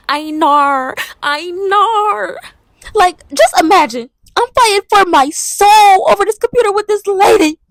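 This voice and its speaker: A woman's voice: extremely high pitch, fairly bright tone, no room sound. A young woman telling a dramatic, slangy storytime vlog. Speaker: vlogger. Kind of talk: casual storytime monologue.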